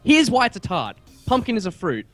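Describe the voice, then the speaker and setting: A young Australian man chats on a voice call with a pitch that leaps and dips all over. He rants emphatically in mock seriousness and swears freely. Faint music plays behind him. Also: huge pitch swings, fairly quick, fairly bright tone. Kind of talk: casual banter.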